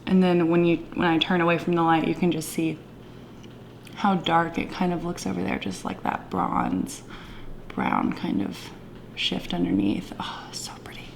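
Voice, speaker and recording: Woman doing a makeup vlog, kinda low voice, gushy, fake southern twang, bit of hiss. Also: a little slow, creaky. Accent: playful put-on Southern twang. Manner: gushing, enthusiastic, drifts into soft whispers. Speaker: beauty vlogger. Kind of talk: casual makeup tutorial chat.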